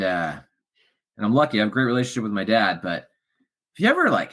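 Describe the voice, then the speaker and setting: A middle-aged man speaking as a podcast guest, telling his own story with raw feeling. His voice sits at an ordinary pitch, sinking low and soft at times and rising into loud bursts at others. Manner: emotional, swings from low murmurs to loud shouts. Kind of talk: candid storytelling interview.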